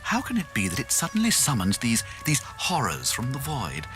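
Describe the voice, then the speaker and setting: A man's voice: medium pitch, wildly swooping pitch, normal speed, over music. An actor voicing a pensive lizard-man scholar in a game, musing aloud in a philosophical way. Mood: thoughtful. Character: pensive old lizard scholar, lost in thought.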